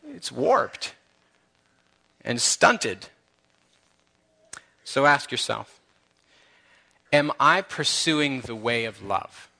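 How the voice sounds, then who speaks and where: A man's voice: mid-range voice, expressive, extremely slow, vocal fry, pauses often, bright, forceful tone. Impassioned man preaching a sermon. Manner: earnest, impassioned, talks straight to the congregation. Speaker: church elder preaching.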